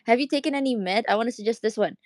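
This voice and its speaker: A woman's voice: fairly high pitch, very fast, a little mellow, dry recording. A young woman from Indonesia chatting casually in a live audio room, rambling, swearing freely and laughing often. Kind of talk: casual chat.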